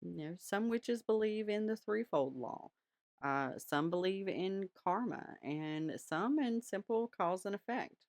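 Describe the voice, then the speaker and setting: A woman's voice: medium pitch, lively intonation, measured pace, a little mellow, dry recording. A woman hosting her own podcast, talking casually and frankly from her home altar room, swearing now and then. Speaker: podcast host. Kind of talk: casual solo podcast talk.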